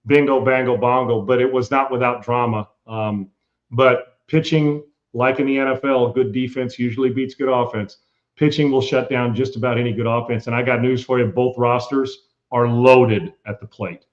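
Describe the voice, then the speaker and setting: A man hosting a sports talk show, telling stories in a lively, laughing way. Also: mid-range voice, normal speed, muffled recording. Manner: animated storyteller, laughs a lot. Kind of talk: casual sports talk chat.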